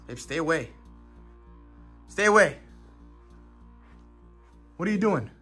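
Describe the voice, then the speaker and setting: A man filming a casual family vlog, shouting frantically before he breaks into laughter. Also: on the high side, expressive, slow, breathy edge, faint music behind. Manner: loud and frantic when confronting, laughing afterwards. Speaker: vlogger.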